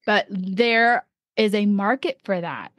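A woman's voice: medium pitch, takes it slowly, fairly bright tone, dry recording. A woman hosting a casual interview, enthusiastic and coaching, full of praise for her guest. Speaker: podcast host. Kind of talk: casual encouraging interview chat.

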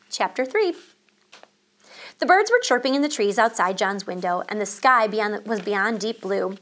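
A woman teacher reading a children's chapter book aloud, calm and expressive. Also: medium pitch, moderate pace.

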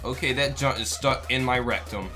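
A young man giving casual gameplay commentary, loud and excitable, yelling at the game and swearing freely in slang. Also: mid-range voice, normal speed, music in the background. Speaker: gaming YouTuber.

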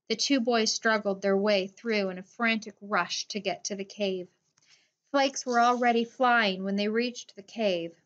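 A woman narrating a children's adventure story in a steady reading voice. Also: mid-range voice, dull audio. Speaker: audiobook narrator. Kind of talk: scripted narration.

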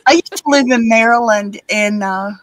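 A woman's voice: on the high side, normal speed, no room sound, poor audio. A woman with a Southern US accent chatting casually on a live stream, rambling with many ums and restarts. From Alabama, US.

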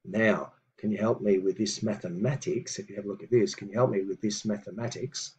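A man teaching a language lesson on video, explaining patiently with many fillers and reading example phrases slowly. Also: on the low side, fairly even intonation, darkish tone.

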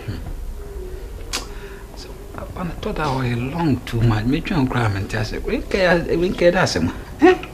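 A man's voice: mid-range voice, sing-song, a little slow, background noise. A man playing a lamenting character in a film drama, mixing pidgin English into his talk. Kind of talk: Twi film acting.

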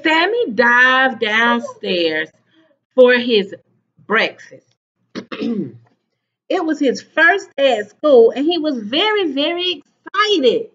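A woman, a teacher, reading a picture book aloud to children at home on a webcam, pausing to ask them questions. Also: sits high, sing-song, a bit bright. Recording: slightly dull webcam audio.

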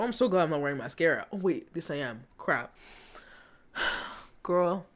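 A woman's voice: deep voice, animated, a little slow, pauses often. A young woman hosting a movie reaction, talking casually and animatedly, swinging between giggles and indignant rants.

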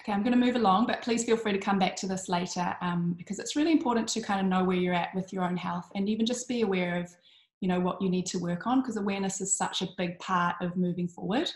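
A woman's voice: medium pitch, fairly even intonation, fast talker, echoey room, low-quality recording. A tired woman giving a casual health talk, chatty and full of ums and restarts. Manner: uses 'bloody' as an intensifier. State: tired from little sleep. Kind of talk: casual presentation.

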